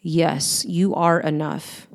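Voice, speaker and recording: A woman's voice: low voice, fairly even intonation, takes it slowly, creaky. A woman hosting a motivational talk, speaking earnestly and directly to her listeners. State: tearful at times. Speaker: host.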